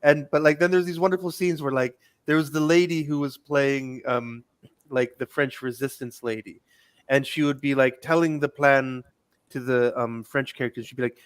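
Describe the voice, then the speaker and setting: Animated man with a dry, close voice. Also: mid-range voice, moderate pace, smooth, no echo. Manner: animated storyteller, acts out accents. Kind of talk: casual chat.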